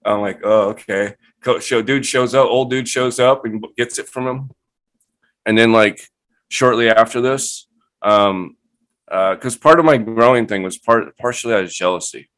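Guy telling stories on a live stream, swears a lot, does everyone's lines, mid-pitched voice. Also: moderate pace. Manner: profane, animated, acts out quotes. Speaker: guest cannabis breeder. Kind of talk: casual storytelling.

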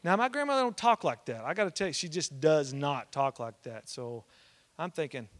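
A man, a pastor preaching and telling a family story, swinging between loud and hushed. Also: on the high side, expressive, normal speed. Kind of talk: sermon with personal storytelling.

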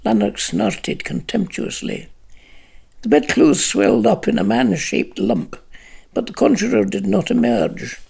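A man narrating a literary novel, with measured, expressive storytelling. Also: sits high, creaky, breathy edge. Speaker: audiobook narrator.

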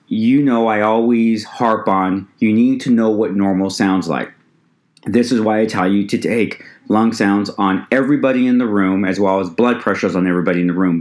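Lower-voiced man giving a lecture. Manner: conversational teaching, addresses "ladies and gentlemen". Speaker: EMT instructor. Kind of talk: recorded lecture podcast.

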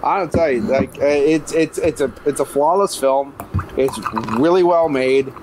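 A man with a somewhat high voice talks in casual podcast chat. He is excitable and profane, and his voice often leaps up when he gets worked up. Faint background noise sits under the recording. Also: moderate pace.

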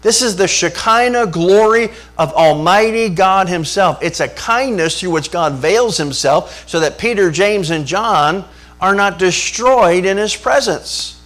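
A man preaching a sermon, animated and asking the congregation rhetorical questions. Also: high voice, measured pace. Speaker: pastor.

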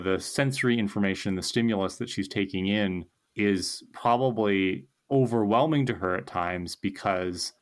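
A co-host in casual chat, thoughtfully explaining a character's behavior in a TV episode. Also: low voice. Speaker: podcast co-host.

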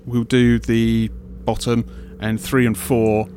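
A man's voice: mid-range voice, level tone, takes it slowly, background noise. A man playing in a tabletop game, joking dryly and working out plans with the group. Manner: dry, jokey. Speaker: player. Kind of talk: tabletop role-play chat. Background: music.

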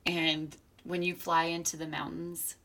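A woman with a low voice tells a personal story in a relaxed chat. She is animated and reflective, and she acts out the people she quotes. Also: measured pace, a little hiss or hum. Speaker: podcast co-host. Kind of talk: casual chat.

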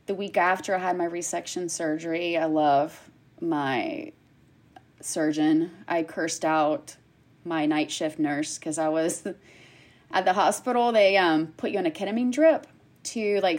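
A woman in casual chat, telling a personal story with lively acted-out quotes. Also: lowish voice, moderate pace. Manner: animated storyteller, acts out quotes. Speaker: guest sharing her story.

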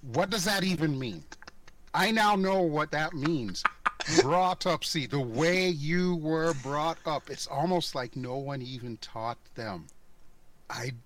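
A man's voice: medium pitch, a bit bright. A man co-hosting a podcast in casual chat, talking in a chatty, friendly and direct way. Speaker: podcast co-host.

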